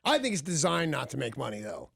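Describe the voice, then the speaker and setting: Gravelly wisecracking radio co-host man. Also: medium pitch, sing-song, fast talker, a bit bright, no room sound. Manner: wisecracking, sardonic asides. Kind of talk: casual morning radio banter. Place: radio studio. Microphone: studio microphone.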